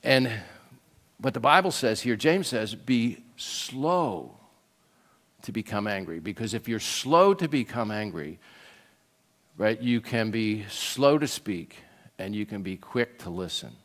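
Lively older man preaching a sermon. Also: fairly low pitch, slow pace. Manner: animated storytelling, keeps asking "right?". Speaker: pastor.

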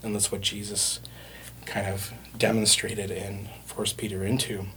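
A man's voice: lowish voice, flat delivery, unhurried, fairly bright tone, slightly rough. A man preaching a sermon in a conversational way, with frequent fillers and restarts. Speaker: pastor.

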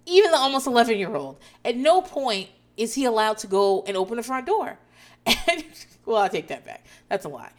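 A woman in her thirties tells a story from her own morning in casual vlog chat. She talks in an animated way, swears freely and laughs as she goes, with her voice rising high when she gets worked up. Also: a little fast. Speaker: mother of four telling a story.

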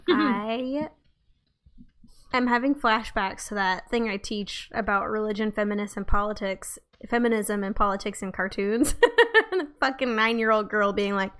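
A young woman co-hosting a podcast, chatting casually, enthusiastic and quick to laugh. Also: medium pitch, a bit bright, clear, resonant tone. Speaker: podcast co-host. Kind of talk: casual chat.

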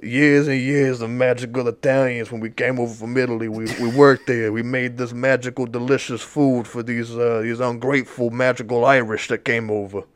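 A man's voice: medium pitch, flat delivery, moderate pace, few pauses, no room sound, natural voice. A man voicing a brash, hot-tempered Italian-American wizard, ranting and swearing. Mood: boastful.

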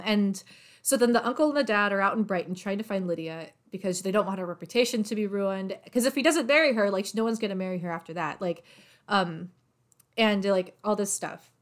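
A woman's voice: mid-range voice, animated, a little fast. A young woman chatting casually as she retells a story. She fills her talk with "like" and "um" and slips into little voiced quotes for the characters. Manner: chatty, filler-heavy, acts out characters' lines. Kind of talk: casual chat, retelling a novel's plot.

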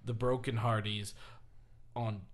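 A man co-hosting a casual wrestling podcast, telling stories with frequent laughter and squeaky acted-out quotes. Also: little pitch movement, takes it slowly. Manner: laughs a lot, acts out quotes in a high squeaky voice. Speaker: podcast co-host. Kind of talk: casual chat.

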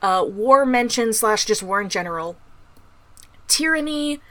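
A woman co-hosting a casual podcast, her voice bright and a little high. She talks candidly, laughs often and swears now and then. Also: animated, a little slow. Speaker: podcast co-host. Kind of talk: casual chat.

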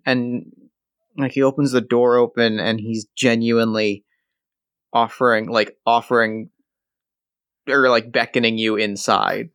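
A man serving as game master, narrating an improvised scene in a halting, rambling way. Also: mid-range voice, steady tone, a bit bright, clean tone, dry recording, studio quality.

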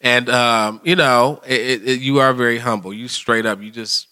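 A man's voice: mid-range voice, steady tone, moderate pace, bright, forceful tone. A man co-hosting a casual podcast chat, teasing his friends and putting questions to the guest. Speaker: podcast co-host.

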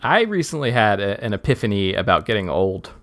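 A man's voice: lowish voice, very animated, brisk, a bit bright. A man co-hosting a podcast in casual chat, teasing his co-host and musing in a dry way.

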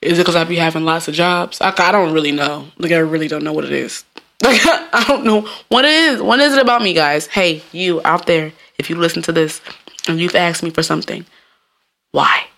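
A woman's voice: fairly low pitch, brisk, gravelly, fairly bright tone. A woman from Jamaica hosting her own podcast, talking in a rambling, casual way and laughing often. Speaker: podcast host. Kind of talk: casual solo podcast monologue.

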